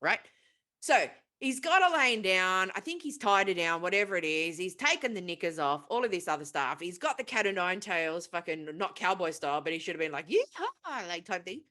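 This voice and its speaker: A woman's voice: lowish voice, animated, brisk, pushed and bright. A woman co-hosting a casual podcast, retelling a film plot in a profane, rambling way. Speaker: podcast co-host.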